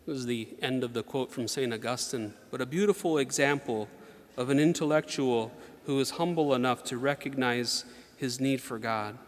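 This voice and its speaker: Man preaching in a reverberant church. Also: mid-range voice. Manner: earnest, measured preaching with slow emphatic reading. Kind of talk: sermon. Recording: long hall reverb.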